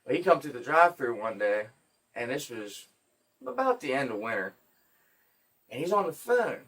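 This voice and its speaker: A man's voice: mid-range voice, moderate pace. Guy hosting a podcast, cussing and joking through a story, sounds a bit far from the mic. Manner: profane, joking, animated storyteller. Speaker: podcast host. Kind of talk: casual storytelling chat.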